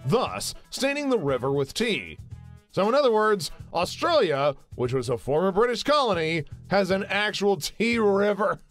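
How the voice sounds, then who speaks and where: A young man casually riffing on memes in a jokey, animated way. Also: on the high side. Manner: jokey, animated, slips into silly voices. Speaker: meme commentary host. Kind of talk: casual meme commentary.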